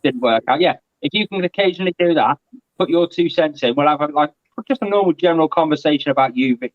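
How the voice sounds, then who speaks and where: A man talks in a lively, chatty way, his voice sitting a little high. He is on a video call, and the sound comes through muffled and lo-fi with no room echo. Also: fast. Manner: chatty and animated. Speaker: guest. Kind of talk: casual live-stream chat.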